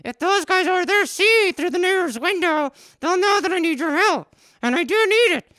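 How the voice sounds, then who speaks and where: A man's voice: very high-pitched, animated, moderate pace, sharp tone, no room sound, studio quality, pitched above the performer's own voice, exaggerated voice. A man voicing his own hand as a ventriloquist's puppet, frantic and pleading for help. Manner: pleading, panicky.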